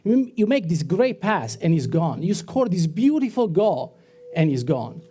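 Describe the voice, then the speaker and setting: A man with an Italian accent, a startup founder giving a rehearsed pitch presentation with storytelling and rhetorical pauses. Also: big pitch swings, mellow, husky. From Italy. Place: event hall on stage.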